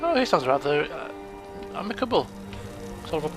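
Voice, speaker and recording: A man casually commentating his own gameplay, chatty and self-mocking, getting excitable in the fights. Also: on the high side, normal speed. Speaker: let's play gamer. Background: game music.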